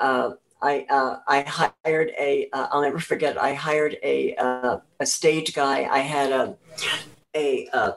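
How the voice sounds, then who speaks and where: Low-voiced older woman telling stories haltingly. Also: poor audio. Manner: halting, rambling storyteller. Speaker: guest. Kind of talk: casual interview, reminiscing.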